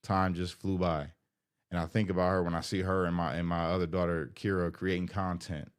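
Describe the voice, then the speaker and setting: A middle-aged man with a low voice speaks earnestly to his viewers in a loose, rambling vlog. He gets emotional as he talks and keeps saying "you know". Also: little pitch movement, brisk, clean tone. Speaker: vlogger. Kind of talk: heartfelt casual talk to viewers.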